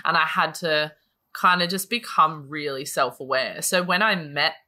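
A woman's voice: sits low, moderate pace, sharp tone. A woman chatting candidly, swearing freely and filling her talk with likes and ums. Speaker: guest sharing her story. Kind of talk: casual chat.

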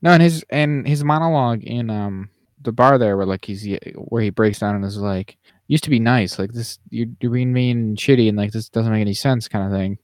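A man's voice: on the low side, fairly quick, a little mellow, no room sound, studio quality. A man co-hosting a podcast, musing about a film in a meandering, hedging way, thinking aloud as he goes. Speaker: podcast co-host. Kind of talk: casual movie discussion.

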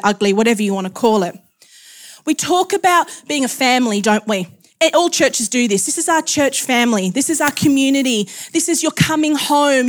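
High-voiced chatty woman preaching. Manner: chatty, laughs often, self-deprecating asides. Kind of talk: sermon.

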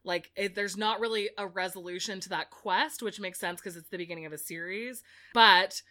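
Woman co-host, bright, clear tone, rambling casual recap with constant "like". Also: mid-range voice, moderate pace. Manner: chatty, heavy use of "like", many restarts. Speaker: podcast co-host recapping a book. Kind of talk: casual chat.

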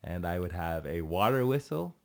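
A man's voice: deep voice, very animated, moderate pace, gravelly, a little mellow. Casual, slightly tipsy man chatting. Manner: loose, swearing, rambling with restarts. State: a bit tipsy. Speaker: podcast guest, comedian. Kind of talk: casual chat.

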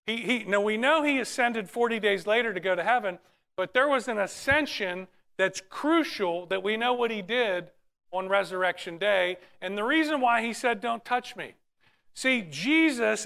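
A man's voice: sits high, creaky, bright, forceful tone. A man preaching a sermon, reading scripture aloud in an earnest way and often restarting his phrases. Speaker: pastor.

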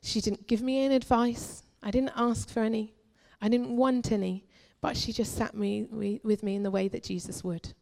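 A young adult woman, a guest preacher at a church, giving an earnest, confessional testimony that moves between forceful and hushed. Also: a little high, steady tone, normal speed, gravelly, hardly any pauses. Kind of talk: personal testimony sermon.

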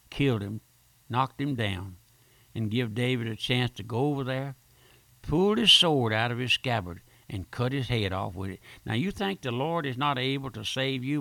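A man's voice: mid-range voice, gravelly, fairly bright tone, no echo. An older man preaching a fervent radio sermon, repeating himself and calling listeners "my friend".

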